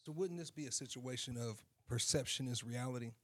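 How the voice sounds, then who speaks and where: A man's voice: mid-range voice, brisk. A man, a co-host in a casual faith discussion, who thinks aloud and keeps asking probing questions.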